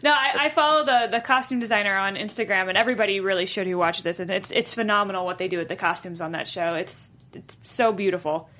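A woman's voice: mid-range voice, fast, sharp tone. A woman hosting a casual interview, chatty and reading viewer questions from the chat. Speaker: host.

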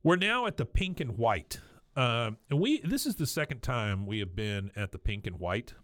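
A man's voice: medium pitch, sing-song, moderate pace, fairly bright tone, no echo, clean studio sound. A man co-hosting a podcast, casually retelling scenes and slipping into quoted voices. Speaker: podcast co-host. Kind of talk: casual episode recap.

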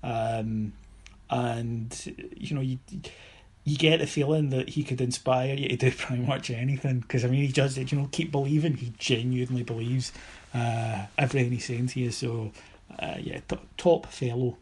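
A Scottish man telling stories on a podcast in a casual, animated way, mimicking other people and swearing now and then. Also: mid-range voice, normal speed, slightly rough. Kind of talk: casual anecdotal storytelling.

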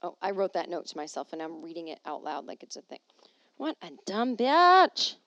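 A woman's voice: deep voice, fairly even intonation, fast talker, creaky, darkish tone, no echo. A woman hosting a comedic solo podcast, reading news aloud and riffing on it sarcastically, swearing freely. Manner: sarcastic, swears freely, slips into silly put-on voices.

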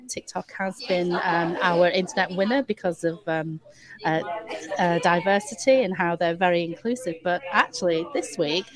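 A woman with a fairly low voice co-hosts a podcast from a hotel bar at a conference. She talks in a relaxed way with many ums and uhs. Her speech sounds like online call audio. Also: low-quality recording. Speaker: podcast co-host. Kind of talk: casual chat.

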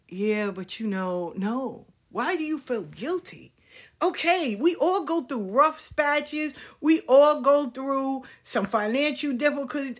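A woman's voice: high-pitched, fairly bright tone. A woman in her fifties telling stories in a casual, blunt, profane way, acting out the people she quotes. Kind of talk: casual storytelling rant.

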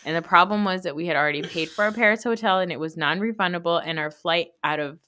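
A woman hosting a podcast, telling a travel story in casual chat with animated delivery and casual swearing. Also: fairly low pitch, fast. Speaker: podcast host.

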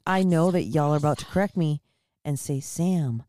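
A woman co-hosting a podcast in casual chat, excitable and swearing in quick asides. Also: sits low, no room sound, clean studio sound. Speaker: podcast co-host.

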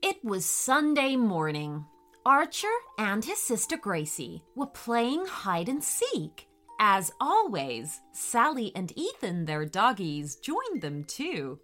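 A woman hosts and narrates children's storybook tales, upbeat and lively, talking directly to the kids. Her mid-range voice moves at a slow pace with faint music behind it.

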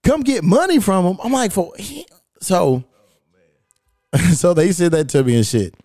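His voice sits high, animated but unhurried, with a warm tone. He hosts a podcast, chatting casually through a story, cursing freely and quoting messages aloud in amusement. The recording is dry with clean studio sound.

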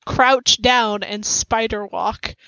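A woman's voice: on the high side, steady tone, takes it slowly, creaky, sharp tone, no room sound. A woman playing a tabletop game, talking in a hesitant way, full of fillers. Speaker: player. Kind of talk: casual tabletop play. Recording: slightly muffled, lo-fi mic.

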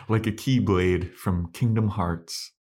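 A man's voice: on the low side, husky. A man co-hosting a podcast, chatting casually and animatedly acting out scenes while recapping a TV episode. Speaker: podcast co-host. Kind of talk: casual chat.

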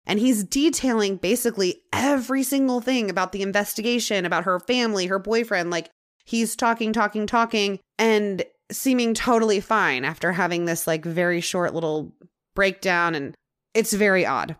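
A young adult woman hosting a podcast, telling a true-crime story in a casual, chatty way. She uses many "like" fillers and drops into dramatic pauses. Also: medium pitch. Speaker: podcast host.

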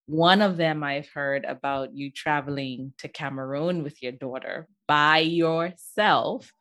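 A woman's voice: low-pitched, measured pace, a bit bright. A woman interviewing a guest, reflecting back and summing up what she has heard. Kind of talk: interview conversation.

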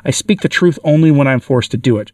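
A tormented demon in a spoken story, read by a man, shrieking and laughing in defiance. The pitch sits in the middle. The sound is dry and set back from the microphone. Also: fast talker, a little mellow, no echo, lightly acted. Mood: anguished. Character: tormented male demon forced to confess. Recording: dry, from far off the mic.

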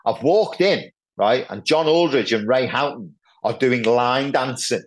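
A middle-aged man, telling lively football anecdotes as a podcast guest, peppered with "like" and "right". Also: mid-range voice, a little slow. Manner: animated anecdotes, lots of "like" and "right". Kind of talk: casual storytelling chat.

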